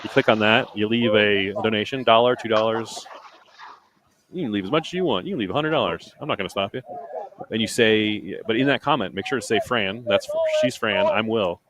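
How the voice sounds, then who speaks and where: A man's voice: lowish voice, huge pitch swings, brisk, crowd noise. A man commentating live on an obstacle race, emphatic and chatty, repeating his points. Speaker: race commentator and podcast host.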